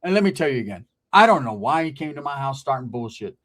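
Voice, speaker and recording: Animated male comic telling a story. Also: mid-range voice, fast talker. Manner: animated, swearing street-slang storyteller. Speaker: comedian. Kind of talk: stand-up storytelling.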